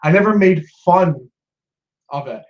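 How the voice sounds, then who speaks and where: A man with a high voice rants in an unhurried way as a sports fan vlogger. He sounds agitated, swears often, and repeats himself, and the recording is dull and lo-fi.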